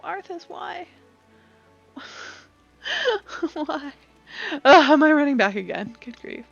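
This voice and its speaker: A woman's voice: high voice, big pitch swings, takes it slowly, gravelly, pauses often, dry recording, soft background music. A young woman streaming a game, chatty and playful, talking to her cat, recorded on a desk mic with dull lo-fi audio. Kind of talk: casual game stream chat.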